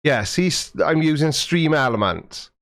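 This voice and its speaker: A man's voice: a little high, lively intonation, measured pace, gravelly, fairly bright tone, no room sound, studio quality. A man hosting a casual livestream, chatting and joking with viewers while he fiddles with his settings into a mic with a foam windscreen. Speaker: livestream host. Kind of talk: casual livestream chat reading viewer messages. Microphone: studio mic with a foam windscreen.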